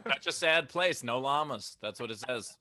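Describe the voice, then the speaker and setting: A man hosting a loose comedy chat, his pitch swinging up and down as he jokes. There is a clear hiss of noise under his voice. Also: lively intonation. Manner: quick joking banter.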